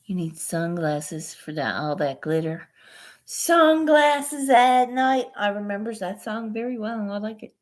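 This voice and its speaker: A woman's voice: lowish voice, flat delivery, moderate pace, few pauses, darkish tone. A woman vlogger in casual chat, rambling and laughing often as she talks. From Newfoundland, Canada.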